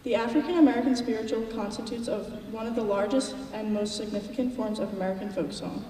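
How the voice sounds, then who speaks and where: A woman reads a formal introduction to the next song at a school concert. Her voice is mellow and a little high. It comes from a distance, and the large hall adds a long echo. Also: quick pace. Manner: formal, reading from notes. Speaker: concert program announcer. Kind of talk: read-out introduction to a choral piece. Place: school auditorium. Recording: distant, echoey hall with faint noise.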